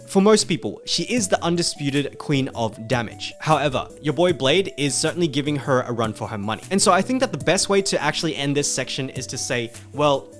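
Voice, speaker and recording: A man's voice: medium pitch, fairly bright tone. Analytical man giving gaming commentary. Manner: analytical, owns up to mistakes. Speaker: gaming video creator.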